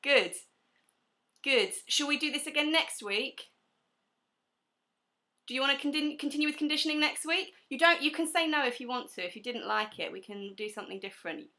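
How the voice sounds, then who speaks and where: High bright woman leading a pilates class. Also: fairly quick, far from the mic. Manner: encouraging, cueing breaths and giving corrections. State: out of breath at times. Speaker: pilates instructor. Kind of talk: live online fitness class instruction. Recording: echoey room, away from the mic.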